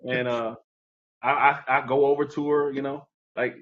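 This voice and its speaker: A man telling a personal story as an interview guest, animated and conversational, acting out the people in it. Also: medium pitch, normal speed, dull audio.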